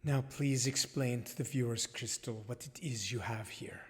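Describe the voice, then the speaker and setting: An actor playing a solemn, formal male documentary filmmaker questioning a guest in a deliberate manner, recorded with long reverb. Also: mid-range voice, steady tone, close to an everyday voice. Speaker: interviewer.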